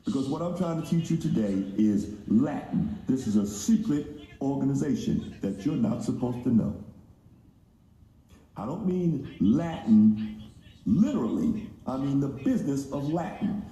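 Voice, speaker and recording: Animated male lecturer with a comic delivery; dark tone, very roomy echo. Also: mid-range voice, unhurried. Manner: animated storytelling, acts out voices. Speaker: speaker teaching about money. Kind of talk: comedic lecture. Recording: echoey room.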